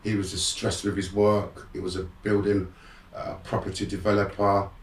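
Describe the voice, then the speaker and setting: Here a middle-aged motivational speaker appears as a guest, sharing his life story with streetwise candor. His fairly low voice runs at normal speed, picked up from far off in an echoey room, and he turns lively during re-enacted moments.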